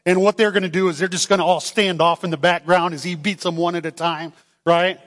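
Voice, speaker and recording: A man preaching a sermon to his church, animated and calling out for amens. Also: high-pitched, brisk. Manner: animated, calls for amens, acts out voices. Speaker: pastor. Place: church sanctuary. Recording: long hall reverb.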